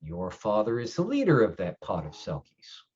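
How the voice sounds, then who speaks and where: A man playing a gruff, grumpy older male changeling lord who speaks bluntly and swears in halting explanations. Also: on the low side, huge pitch swings, darkish tone, muffled recording, full character voice. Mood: grave.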